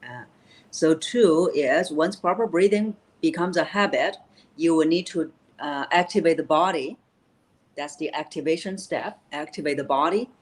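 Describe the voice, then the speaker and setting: A woman's voice: low voice, moderate pace, rough recording. A woman voice coach explaining vocal technique in an interview, with many "uh" fillers and key phrases repeated.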